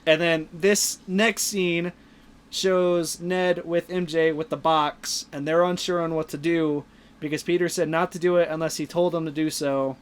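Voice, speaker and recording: A man's voice: fairly high pitch, fairly even intonation, measured pace, smooth. Young man retelling a movie scene. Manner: retells scenes at length, heavy use of "like". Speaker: podcast co-host. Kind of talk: casual movie review chat.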